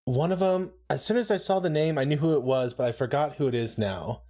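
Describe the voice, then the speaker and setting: A man's voice: a little high, fairly quick, mellow. A man co-hosting a live watch-along, chatting casually, laughing often and making playful asides. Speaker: co-host of a show watch-along.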